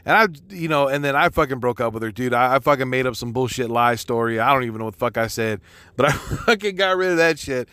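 A man's voice: mid-range voice, lively intonation, fast, sharp tone, clear, resonant tone, no echo. A young man telling a rambling personal story, swearing constantly, with many restarts and fillers. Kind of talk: casual storytelling monologue.

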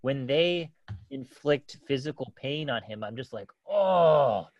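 A man's voice: mid-range voice, measured pace, lo-fi sound. Rambling man telling a family story. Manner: rambling, many fillers and restarts, laughs often. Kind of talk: casual storytelling.

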